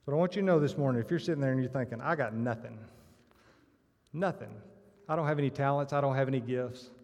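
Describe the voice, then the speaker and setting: A man's voice: mid-range voice, fast, a little mellow. A man giving a sermon-style church talk, telling stories with acted punchlines. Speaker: church member giving testimony. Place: church sanctuary. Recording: long reverb of a church hall.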